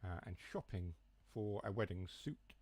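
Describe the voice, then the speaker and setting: Low-voiced Nottinghamshire man chatting. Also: animated, moderate pace, darkish tone, slightly rough, no room sound. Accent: Huthwaite, Nottinghamshire. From Mansfield area, England. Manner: rambling, joking asides, drops H's and T's. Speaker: train sim streamer. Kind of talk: casual chat while gaming.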